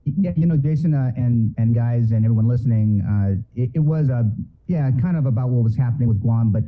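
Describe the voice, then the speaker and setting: A man's voice: medium pitch, fairly quick. Male podcaster calling in on a tinny phone line. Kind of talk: casual radio chat.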